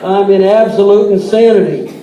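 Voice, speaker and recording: A man's voice: high voice, moderate pace, mellow. A man in his sixties giving a folksy, joke-filled political speech to an audience in a large hall. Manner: folksy, tells jokes, repeats words. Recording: echoey hall, distant mic, crowd noise.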